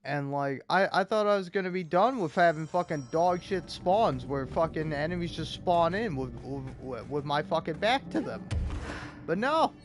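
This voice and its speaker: A man's voice: fairly high pitch, animated, moderate pace. A young man casually narrating gameplay, often swearing, stammering and mocking himself, recorded at a home setup. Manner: exasperated, stammering, self-mocking. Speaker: gaming channel host. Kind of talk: casual profane gameplay commentary.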